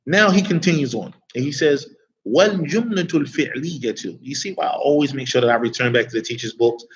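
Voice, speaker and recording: A man's voice: mid-range voice, animated, fast talker, fairly bright tone, highs cut off, slight background noise. A man teaching an Arabic grammar class in a casual, chatty way, often asking the class rhetorical questions.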